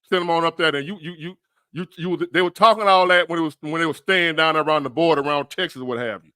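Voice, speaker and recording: A man doing fired-up reaction commentary, blunt and profane, talking in a rambling way. His voice sits a bit high and sounds bright and forceful. The sound is dry and close. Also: fast talker, clean tone, dry recording. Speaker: livestream commentator. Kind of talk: reaction commentary on a news clip.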